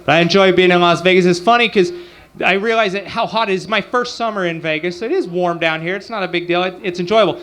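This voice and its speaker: A man's voice: high-pitched, quick pace, a bit bright. A man in his forties doing a profane stand-up comedy routine, talking casually with the crowd on a club stage. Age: 40s. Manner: profane, crude, conversational with crowd asides.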